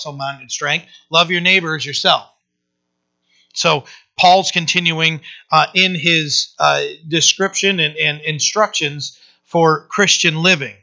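A male pastor preaching a conversational sermon, often pausing with fillers and restarting his sentences. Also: a little high, gravelly, pushed and bright, lo-fi sound.

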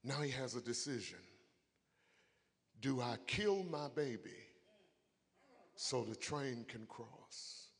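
A man preaching a sermon, moving from a quiet story to shouted, crying high points. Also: lively intonation, slow pace, long pauses, breathy edge, in a large hall. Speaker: pastor.

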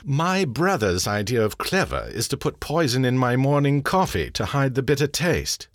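A man's voice: mid-range voice, sing-song, normal speed, no room sound, studio quality. An actor playing a vain, flippant male king with a pompous, sardonic and dramatic manner. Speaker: lead of the show. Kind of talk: comedy radio play acting.

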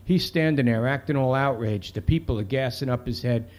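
A man's voice: medium pitch, brisk, a little mellow, natural voice. Brief: brash city cop, profane, talks in street slang; a male author reads him. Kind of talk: reading aloud from a novel.

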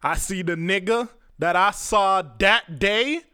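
A man's voice: sits high, takes it slowly, bright, forceful tone, clear, resonant tone, no echo, clean studio sound. A young Jamaican man hosting a podcast, telling a personal story in a casual, rambling, profane way and speaking straight to his listeners. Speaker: podcast host.

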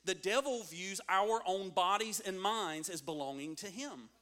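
High, bright-voiced preaching man. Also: unhurried. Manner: preaching with rising intensity and call-and-response. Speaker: pastor. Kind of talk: sermon.

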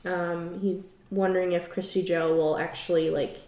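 A woman co-hosting a casual recap podcast, relaxed and giggly, with many fillers. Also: lowish voice, normal speed, roomy sound. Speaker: podcast co-host.

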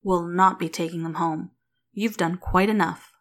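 A formidable older mother who guards her family fiercely, read by a woman narrator. Her voice sits a little low and speaks with firm, measured control, a grandmother from a spoken story. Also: fairly even intonation, a bit bright, natural voice. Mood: cold, stern. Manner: cold and stern, then tender.

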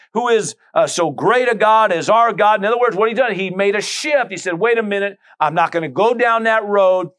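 A man's voice: high voice, a bit bright. A man preaching a sermon as pastor, reading scripture and adding frequent amens.

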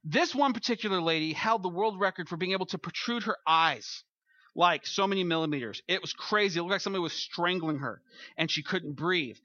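Bright, high-voiced male pastor preaching. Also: brisk, no room sound, muffled recording. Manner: conversational preaching, acts out quotes. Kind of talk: sermon.

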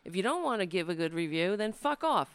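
A woman hosts her own live comedy show, rambling and swearing into a desk mic. Her voice sits low but swoops a lot as she goes. The tone is smooth and clear. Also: very animated, fairly quick. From Brooklyn, USA. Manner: profane, sardonic, rambling. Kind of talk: casual live-stream monologue. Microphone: desk microphone.

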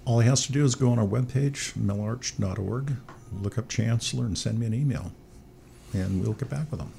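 Interview guest: male military chaplain, gravelly and mellow, upbeat anecdotes. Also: mid-range voice, fairly quick, a little hiss or hum. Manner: animated storyteller, upbeat. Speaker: chancellor of military archdiocese.

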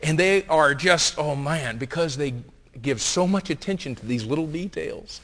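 A man preaching a sermon as pastor, swinging from hushed asides to loud, impassioned reading. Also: fairly high pitch, animated, moderate pace. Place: church sanctuary. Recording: long reverb of a large hall.

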